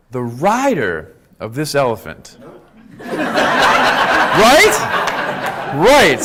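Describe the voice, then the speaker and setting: A man giving a lively talk to a live conference audience, often checking in with "right?" and "okay?". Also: high voice, background noise. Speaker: conference speaker.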